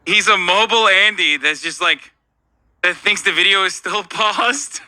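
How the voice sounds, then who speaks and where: A male streamer with a high, very bright voice, bantering sarcastically at his chat. He sounds dry and close, with no room around him. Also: a little slow, no echo. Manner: sarcastic, talks to chat directly. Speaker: streamer reacting to a video. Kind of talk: casual livestream commentary.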